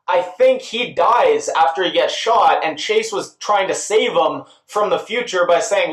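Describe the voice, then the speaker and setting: Guy with a high-ish voice doing a tv episode recap, chatty, slips into little character voices, echoey room. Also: lively intonation. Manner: chatty, quotes characters in quick put-on voices. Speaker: TV recap reviewer. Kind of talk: casual spoken review.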